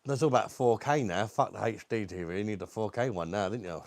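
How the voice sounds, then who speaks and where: On his relaxed beer-review livestream, a British man talks fast in a lowish, creaky, slightly mellow voice, with no room sound. He's chatty, swears casually, calls out viewers by name, and has a cough that won't go away.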